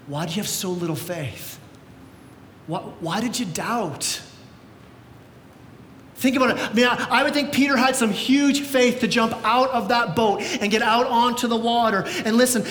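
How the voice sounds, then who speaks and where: High-voiced animated preacher in an echoey hall. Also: male voice. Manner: animated storytelling, acts out voices with shouts. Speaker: pastor. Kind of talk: sermon. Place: church sanctuary. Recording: echoey church hall with faint rumble.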